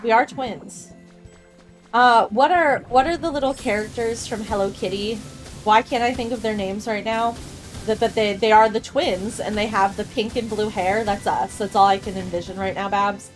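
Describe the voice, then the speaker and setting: A woman in her thirties chatting casually with her chat while streaming a game, bubbly and quick to laugh. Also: mid-range voice, soft background music. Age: 30s. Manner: giggly and bubbly, laughs often.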